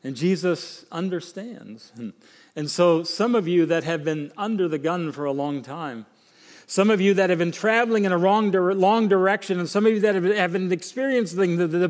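A man preaching a sermon with emphatic swings from quiet, slow lines to raised ones. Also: high-pitched. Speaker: pastor. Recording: long hall reverb.

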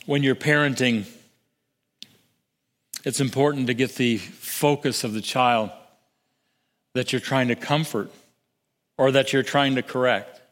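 An older man preaching a sermon, earnest, stumbling over restarts and sinking to soft, low emphasis. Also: steady tone, unhurried, long pauses. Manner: earnest, with repeated restarts and soft drops to near-whisper for emphasis. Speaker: pastor. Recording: long hall reverb.

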